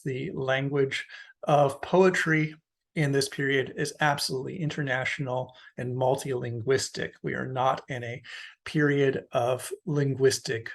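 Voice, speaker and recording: Male university lecturer, gravelly and a bit husky, relaxed explanatory delivery. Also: medium pitch. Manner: explanatory, casual with fillers. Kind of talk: recorded lecture.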